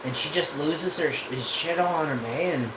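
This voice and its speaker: A man's voice: on the high side, moderate pace. Rambling man in an echoey room. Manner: rambling, loose and profane. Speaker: live streamer. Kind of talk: casual storytelling on a stream. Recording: echoey room with background noise.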